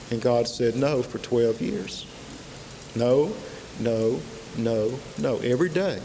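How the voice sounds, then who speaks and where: A man preaching a sermon, slow and emphatic, with dramatic pauses and repetition. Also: mid-range voice, mellow. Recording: long hall reverb, faint hiss.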